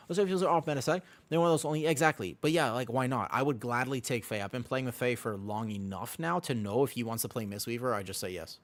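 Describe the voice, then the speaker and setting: Male game streamer, loose live-stream banter, talks to chat while showing his screen, swears casually, hammers his point home. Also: mid-range voice. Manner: casual, profane, explains with emphatic repetition.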